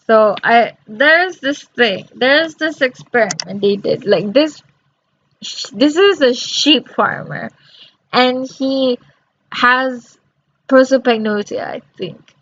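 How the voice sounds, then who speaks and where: A woman's voice: on the high side, slow, a bit bright. A very sleepy young woman reading her study notes aloud and explaining them in a rambling way, with many fillers and restarts. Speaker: student reviewing course notes. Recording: slightly dull lo-fi audio.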